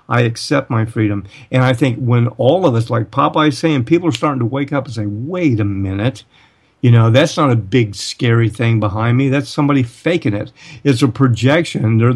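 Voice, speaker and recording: A man's voice: mid-range voice, a little mellow. A middle-aged man hosting a talk radio show, rambling in casual conversation, stumbling over repeated words and acting out quoted dialogue. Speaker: radio host.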